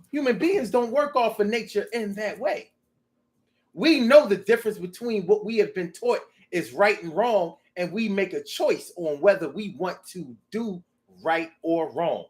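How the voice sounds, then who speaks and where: A man talking in a casual, rambling monologue, animated and profane, to his own audience. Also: sits high, measured pace. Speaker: vlogger.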